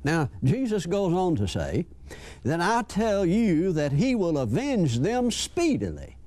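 Older preacher, folksy and chuckling, lively up-and-down delivery, slightly high voice. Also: male voice, slow. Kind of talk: sermon.

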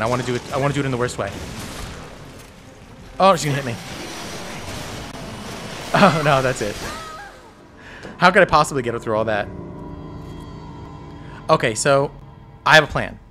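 A man giving panicky, excitable commentary while playing a video game, talking to himself and cheering out loud. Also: medium pitch. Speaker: gameplay streamer. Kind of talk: live gameplay commentary.

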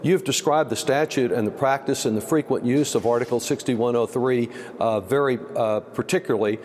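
A man's voice: medium pitch, normal speed, a little mellow. A man from Texas, a congressman, answering a news interview in a pointed, emphatic way with many fillers. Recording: long reverb, faint background noise.

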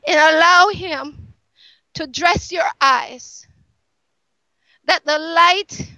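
Woman preacher, very high voice, bright and forceful, dry close sound, fervent sermon. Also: no echo, rough recording. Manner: fervent, repeats yes and hallelujah, swings from shouting to hushed.

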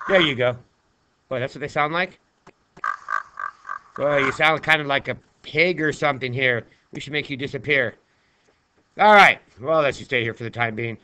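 A man's voice: fairly high pitch, lively intonation, moderate pace, pushed and bright. A male math teacher talking through a screen-recorded lesson in a chatty, playful way, chatting to himself as he writes.

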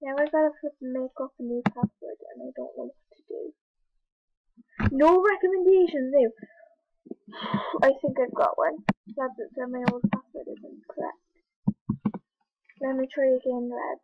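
A woman's voice: high voice, flat delivery, normal speed, vocal fry, no room sound. A woman chatting casually over a screen recording, rambling and jittery, with frequent gasping exclamations, recorded on a computer mic. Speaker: video creator. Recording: tinny phone-like dry recording.

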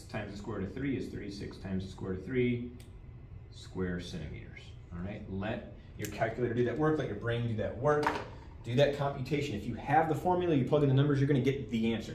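In a classroom geometry lesson, a male math teacher speaks fairly quickly in a mid-range, slightly mellow voice, repeating key terms and asking "all right?". The mic is distant, the sound roomy, with faint noise behind him.

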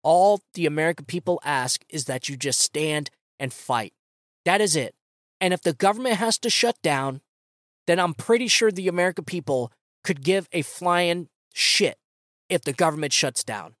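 A man's voice: fairly high pitch, moderate pace, a bit bright, no room sound, clean studio sound. A man hosting a political commentary podcast, ranting in a sarcastic, casual way with slang. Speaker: podcast host.

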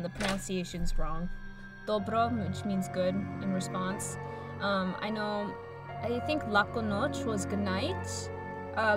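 A young woman from the United States chatting casually and rambling while streaming a game. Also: medium pitch. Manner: rambling, chatty, frequent fillers. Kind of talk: casual live-stream chat.

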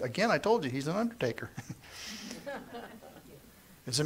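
A middle-aged man teaching through the Bible verse by verse, reading scripture aloud and then retelling it in plain, lively everyday talk. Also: a little high, moderate pace, long pauses, breathy edge.

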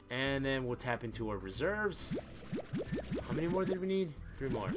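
A man doing excitable, chatty commentary as he plays a video game, thinking aloud and exclaiming often. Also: medium pitch, unhurried, long pauses. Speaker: let's play gamer. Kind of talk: live gaming commentary. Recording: voice over loud game music. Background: game music.

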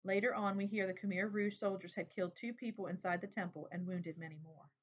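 Woman reading a book out loud, steady and plain, kinda muffled lo-fi audio. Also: mid-range voice, brisk, husky. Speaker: reader. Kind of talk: reading a memoir aloud. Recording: dull lo-fi recording.

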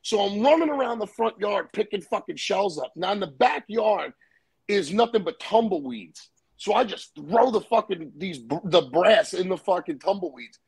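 A man's voice: sits high, lively intonation, normal speed, vocal fry, a little mellow, breathy edge. A man telling a profane, rambling story in casual chat. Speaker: storyteller guest. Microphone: live stream call.

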